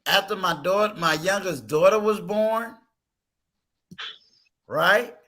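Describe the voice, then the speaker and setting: A man's voice: high-pitched, slow pace, bright, forceful tone. A man hosting a casual talk stream, telling a personal story with emphatic rhetorical questions. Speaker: host.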